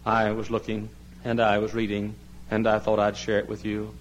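Man preaching, hushed pleas to loud cries. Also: on the low side, monotone, moderate pace, a little hiss or hum. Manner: swings between hushed pleading and loud shouted emphasis; tells stories and mimics people he quotes. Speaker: pastor. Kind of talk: sermon. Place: church sanctuary.

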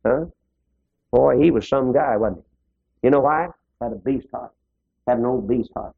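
A man preaching a sermon in a folksy way, his pitch rising and dropping suddenly. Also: moderate pace, creaky, slightly rough. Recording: dull lo-fi old sermon tape.

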